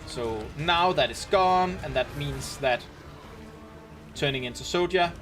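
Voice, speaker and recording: A Danish man with a Danish accent leads a game raid as raid commander, chatting casually in a slightly high voice at a slightly slow pace. His gameplay commentary is relaxed and chatty as he thinks aloud, with faint music behind him.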